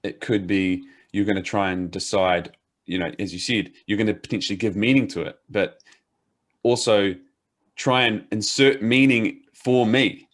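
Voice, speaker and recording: A man with a fairly low voice hosts a podcast as a men's coach. He talks in a relaxed, casual way, backing his guest with short murmurs and swearing now and then. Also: moderate pace.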